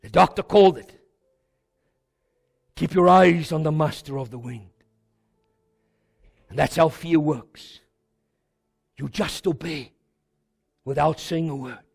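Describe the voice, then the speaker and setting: A South African pastor preaching an impassioned sermon to his congregation in church, repeating words and swinging from quiet to shouting. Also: on the high side, slow pace, vocal fry, pauses often, slightly rough.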